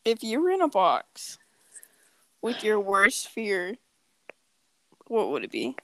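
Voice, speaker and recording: A woman's voice: medium pitch, wildly swooping pitch, slow pace, no room sound. A young woman co-hosting a podcast, telling a story in a joking, profane, casual way. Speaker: podcast co-host. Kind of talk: casual chat.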